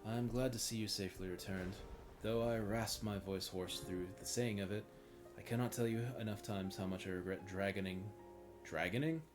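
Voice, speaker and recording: A man's voice: on the low side, fairly even intonation, moderate pace, music in the background, natural voice. A man reading the lines of a remorseful older male bard in formal, old-fashioned speech. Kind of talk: reading game dialogue aloud.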